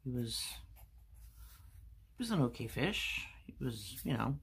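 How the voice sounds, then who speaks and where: A woman art vlogger talks casually while she draws, rambling through a long story. Her voice is low and gravelly, with a husky grain and lively swings in pitch. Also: measured pace. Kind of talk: casual chat while drawing.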